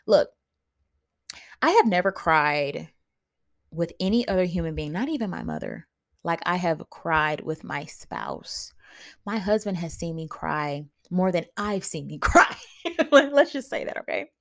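A woman's voice: fairly low pitch, very animated, measured pace, vocal fry. A woman hosting her own podcast in casual solo talk, candid and playful, speaking straight to her listeners. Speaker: podcast host.

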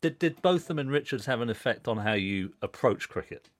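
A man co-hosting a podcast, asking measured, thoughtful questions in casual chat. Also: mid-range voice, lively intonation, no echo. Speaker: podcast co-host.

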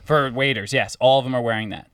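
Young man trading quick jokes. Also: mid-range voice, fairly bright tone, clear, resonant tone, no echo, clean studio sound, distant mic. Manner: joking, quick interjections. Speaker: podcast co-host. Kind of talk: casual chat.

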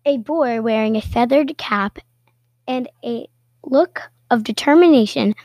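A woman reading a children's picture book aloud with playful, expressive storytelling and little asides. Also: a little high, measured pace, no echo. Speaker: storybook reader.

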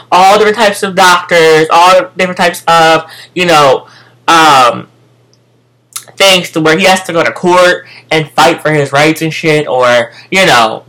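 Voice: mid-range voice, fairly bright tone, low-quality recording. An American speaker telling a casual storytime rant to viewers, profane and emphatic, often repeating phrases. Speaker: vlogger.

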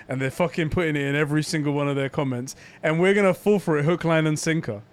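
A man's voice: on the high side, fast talker, hardly any pauses, smooth. A man co-hosting a casual podcast, bantering easily and laughing often. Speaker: podcast co-host. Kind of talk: casual chat.

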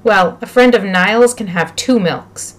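Woman voicing a lunch lady, confiding, hushed, friendly. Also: mid-range voice, unhurried, natural voice. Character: conspiratorial female school lunch lady.

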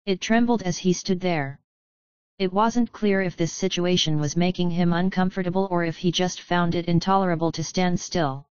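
Smooth low-voiced woman narrator. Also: dry recording, lo-fi sound. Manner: steady, measured reading. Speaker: audiobook narrator. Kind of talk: scripted narration.

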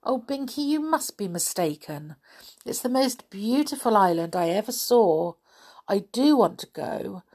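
A woman's voice: mid-range voice, lively intonation, unhurried, darkish tone. A woman voicing an obstinate, dreamy young girl in a storybook reading, pleading and stubborn. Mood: longing.

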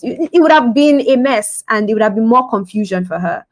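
A woman's voice: a little high, animated, a little fast, poor audio. A woman giving a devotional sermon on a podcast in a conversational style, laughing often and acting out the scenes she describes. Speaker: podcast preacher.

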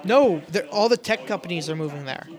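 A man's voice: sits high, lively intonation, fairly quick. A young man chatting as a guest, rambling with many fillers. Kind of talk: casual chat.

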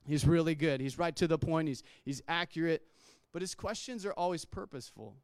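A man's voice: a little high, a little fast, clean tone, no room sound. A man preaching a sermon in a conversational way, restarting words and acting out quotes. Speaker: pastor.

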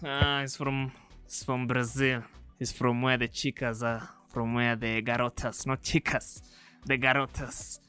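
A young Nigerian man with a Nigerian accent co-hosting a casual chat show, animated and quick to laugh. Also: medium pitch, smooth, faint music behind. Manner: laughs often, animated, jokey. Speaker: podcast co-host.

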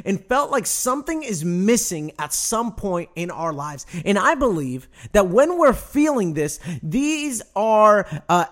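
A young adult male pastor preaching a sermon, emphatic and direct with the congregation, stretching out key phrases slowly. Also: high voice. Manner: animated preaching, emphatic with slow drawn-out phrases; addresses congregation directly, asks them to respond.

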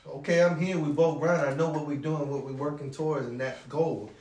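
On a podcast, a man with a slightly high voice talks a little fast, telling animated, profane stories about his relationship and quoting his partner along the way. The room adds echo and faint noise.

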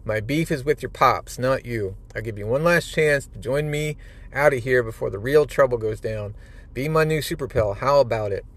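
A man's voice: mid-range voice, moderate pace, natural voice. A man voicing a mischievous male imp from another dimension who taunts with cocky wisecracks while reading a comic aloud. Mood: taunting.

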